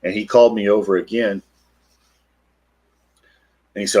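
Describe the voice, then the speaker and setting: Low husky man telling a story. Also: moderate pace, long pauses. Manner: animated retelling, acts out quotes. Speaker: podcast guest. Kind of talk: storytelling interview.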